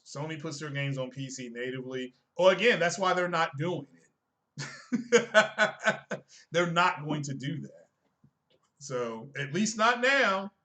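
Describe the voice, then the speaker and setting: A man talks to his live-stream viewers about games in a bright, forceful voice that sits a little high for a man. He is emphatic and likes rhetorical questions, scolding his audience as he goes. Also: lively intonation, moderate pace. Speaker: tech and gaming streamer. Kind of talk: casual live-stream commentary.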